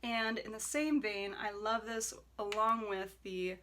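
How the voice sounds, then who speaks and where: A young adult woman chatting casually as a beauty vlogger, enthusiastic, with soft whispered asides. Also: medium pitch, steady tone, normal speed, few pauses. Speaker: beauty YouTuber. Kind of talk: casual decluttering vlog.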